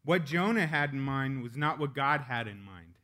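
A man's voice: medium pitch, animated, normal speed, pushed and bright. A male pastor preaching a sermon in a casual, candid way, with joking asides.

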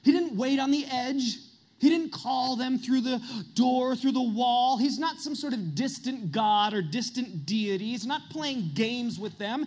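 A man's voice: extremely high pitch, expressive, measured pace. Earnest male pastor preaching. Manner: earnest, confessional, builds to emphatic peaks. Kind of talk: sermon.

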